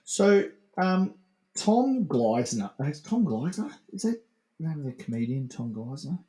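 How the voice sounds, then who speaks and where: A man's voice: on the high side, sing-song, unhurried, warm tone. A man co-hosting a loose podcast chat. He rambles and jokes, laughing often as he goes. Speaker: podcast co-host. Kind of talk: casual chat.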